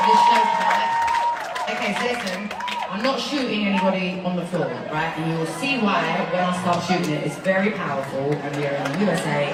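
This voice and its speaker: Lady joking with the crowd from the stage, sounds a bit far off, big noisy arena. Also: medium pitch. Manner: playful, excitable, laughing often. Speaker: singer talking to a concert audience. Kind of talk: chatty stage banter. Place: large concert hall with balconies. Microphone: stage microphone. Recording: roomy live hall sound, crowd noise, from a distance. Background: cheering crowd.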